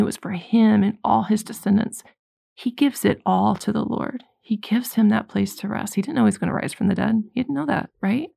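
A woman giving an earnest, conversational faith talk, mixing scripture with personal stories and getting animated when she acts out her own thoughts. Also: mid-range voice, creaky, no room sound, studio quality. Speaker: Christian speaker.

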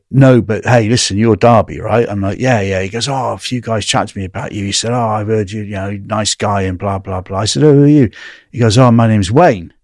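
A man tells stories from his time inside, meandering from one anecdote to the next and checking in with his listener. His voice sits on the low side. The sound is dry and close, with no room around it. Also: dry recording. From England. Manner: rambling anecdotal, tag questions like "right?". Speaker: guest recounting prison time. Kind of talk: casual storytelling interview.

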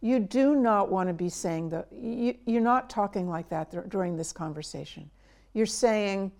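A woman's voice: medium pitch, normal speed, creaky, darkish tone. A woman psychiatrist in an interview, earnestly coaching parents step by step on how to talk with their child. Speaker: child and adolescent psychiatrist, guest. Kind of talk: advice in an interview.

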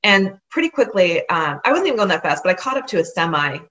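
A woman telling a personal story in an animated way, acting out what others said. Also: lowish voice, fast talker, highs cut off. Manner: animated, acts out others' words.

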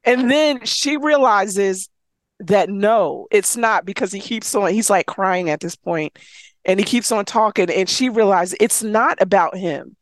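A woman casually retelling a novel's plot, animated, swearing freely and slipping into quick voices for the characters. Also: medium pitch, dry recording, clean studio sound. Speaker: book recapper.

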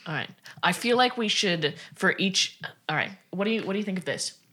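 A woman's voice: mid-range voice, brisk. A woman co-hosting a podcast in casual chat, tossing out dry jokes. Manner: jokey, deadpan quips. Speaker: podcast co-host.

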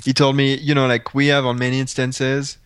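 A man co-hosting a casual podcast, telling stories with animation and plenty of "like" and "you know." His voice sits at a middle pitch. The recording is dry and close. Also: brisk, clean tone, no room sound. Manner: animated storyteller with frequent fillers and laughs. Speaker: podcast co-host. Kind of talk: casual chat.

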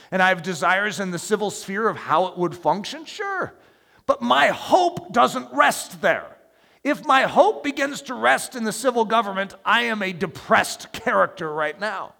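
A preacher delivers an animated sermon at a measured pace, speaking emphatically and conversationally and posing questions to his listeners. His high, gravelly, bright voice swings widely in pitch, and a large hall's long reverb trails after each phrase.

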